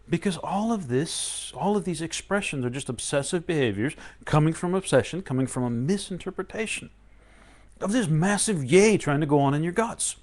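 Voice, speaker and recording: A man giving a live-streamed spiritual talk, animated and playful, often acting out excited inner voices. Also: fairly high pitch. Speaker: spiritual teacher.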